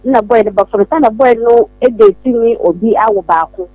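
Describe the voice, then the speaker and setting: A woman's voice: fairly high pitch, animated, brisk, no echo. Earnest woman calling in over a dull line. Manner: earnest, recounts own experience. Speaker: caller. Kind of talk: phone-in personal story. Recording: muffled phone line.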